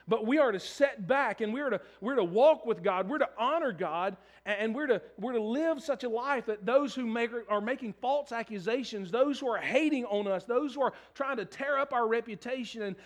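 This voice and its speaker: Male pastor, high voice, earnest conversational preaching with restarts. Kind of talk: sermon.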